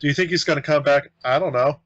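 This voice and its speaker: A man's voice: a little high, fast talker, a bit bright, dry recording, highs cut off. Man telling rambling anecdotes on a podcast. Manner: rambling anecdotes with acted-out quotes. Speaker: podcast co-host. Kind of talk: casual storytelling chat.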